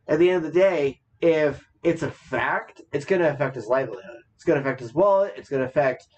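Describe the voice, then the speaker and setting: A man's voice: a little high, animated, quick pace, a little mellow. A man co-hosting a podcast, chatting casually as an opinionated storyteller who swears freely. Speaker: podcast co-host. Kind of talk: casual chat.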